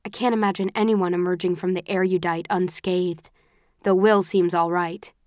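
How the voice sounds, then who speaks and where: A woman reading a first-person audiobook in a measured, even storytelling manner. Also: lowish voice, dry recording, clean studio sound. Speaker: audiobook narrator. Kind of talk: scripted first-person narration.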